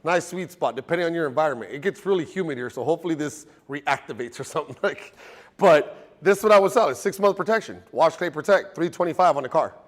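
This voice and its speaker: A man runs a car detailing class in front of a live group. His voice sits a bit high. He teaches in a loose, joking way, with plenty of stories. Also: quick pace, big-room sound. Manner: casual, joking, storytelling.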